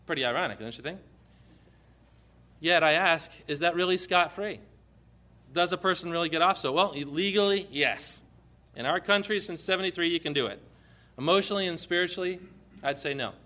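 A man preaching an impassioned sermon, moving from quiet storytelling to loud, forceful proclamation. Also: on the high side.

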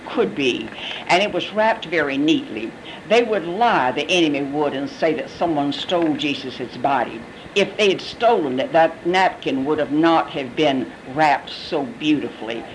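Bible teacher, sermon commentary, conversational, expressive, mid pitch, faint hiss. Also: measured pace. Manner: conversational, expressive, acts out quotes.

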